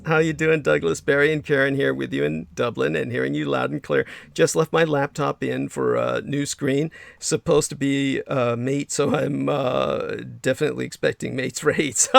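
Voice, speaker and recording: A man's voice: medium pitch, vocal fry, no echo, clean studio sound. A man hosting a casual livestream, effusive and rambling with many fillers, reading chat messages aloud. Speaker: livestream host.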